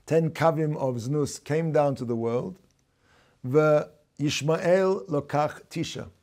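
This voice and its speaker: A man, a rabbi, giving an explanatory lecture. He talks deliberately, stops to explain terms and corrects himself as he goes. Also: fairly high pitch, a little mellow. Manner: reads out quoted passages in a raised voice. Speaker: rabbi teaching a class.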